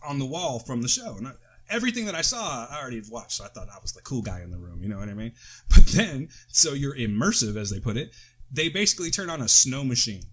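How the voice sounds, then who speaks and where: A man's voice: mid-range voice, fairly bright tone, breathy edge. An American man co-hosting a podcast, chatting casually and rambling through tangents and self-corrections into a close mic. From United States. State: coughing. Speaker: podcast co-host. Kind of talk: casual chat.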